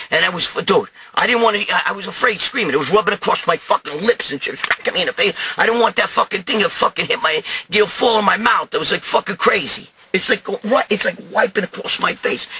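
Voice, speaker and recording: A man telling a crude story in a raspy voice, swearing constantly and acting out the other people's lines. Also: high-pitched, slight background noise. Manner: animated, swears constantly, shouts and mimics others. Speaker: show host telling a story. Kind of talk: profane storytelling monologue.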